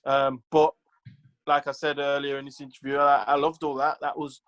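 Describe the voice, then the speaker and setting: A man's voice: mid-range voice, monotone, normal speed, a bit bright, poor audio. A man who is a former professional footballer, telling stories casually as an interview guest, with lots of "like" and "you know" and acted-out quotes.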